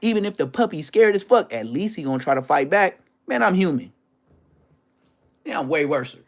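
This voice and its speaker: A man's voice: a little high, big pitch swings, fairly quick. Brash, profane man ranting on a livestream. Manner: brash, profane, swings between hushed asides and loud outbursts; storytelling with boasts and street slang. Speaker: livestream host. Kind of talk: casual profane livestream rant.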